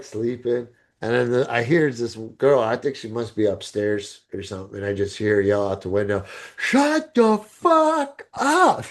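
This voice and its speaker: A man co-hosting a podcast, telling a story in casual chat, swearing freely and acting out the people he quotes. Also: mid-range voice. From lives in LA. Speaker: podcast co-host.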